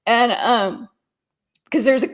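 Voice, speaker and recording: A woman co-hosting a podcast, chatty and quick to laugh. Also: a little high. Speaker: podcast co-host. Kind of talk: casual political chat.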